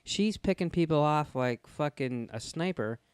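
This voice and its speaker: A man's voice: on the high side, expressive, unhurried, a little mellow, clean tone, no room sound, clean studio sound. A young man co-hosting a casual podcast, retelling a TV episode with swearing and little acted-out quotes. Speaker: podcast co-host. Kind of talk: casual chat.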